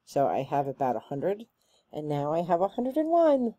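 A woman chatting casually through a gift box unboxing, gushing and excitable, with plenty of ums and likes. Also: deep voice, moderate pace, no room sound. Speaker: unboxing vlogger.

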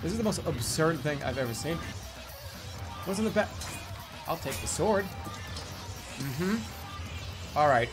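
Male streamer, animated and profane, mutters and shouts in turn, game music audible. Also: slow pace, pauses often. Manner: swings from low muttering to angry shouting, swears often. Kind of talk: gaming livestream commentary.

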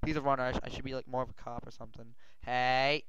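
A male gaming host giving rambling gameplay commentary, often yelling and swearing in panic. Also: medium pitch, fast, clean tone, no echo. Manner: rambling, excitable, yells and swears when panicked. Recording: dull lo-fi mic.

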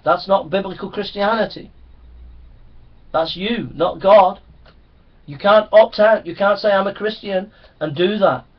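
A man's voice: high-pitched, measured pace, long pauses. A man preaching a sermon, emphatic and repetitive, driving his points home. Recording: dull lo-fi recording.

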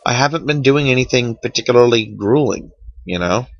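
A man's voice: medium pitch, animated, a little fast, no room sound, dull audio. A man giving casual, wry commentary over a game he is playing, sounding worn out. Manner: chatty, wry, tired and yawning. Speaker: let's play commentator.

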